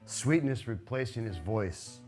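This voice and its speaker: A man performing a live storytelling piece on a theater stage, animated and conversational, going soft for sad parts. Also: medium pitch, unhurried, soft background music.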